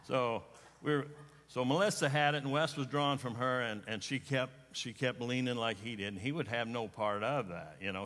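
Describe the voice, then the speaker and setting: Folksy middle-aged male preacher, bright voice. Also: lowish voice. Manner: folksy, repeats words as he talks. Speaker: pastor. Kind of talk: sermon with personal storytelling. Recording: long hall reverb.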